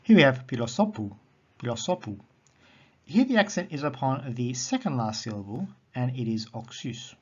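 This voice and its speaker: A man teaching a recorded lesson on Greek accents, methodical and repeating key terms slowly. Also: medium pitch, sing-song, a little mellow, breathy edge, muffled recording.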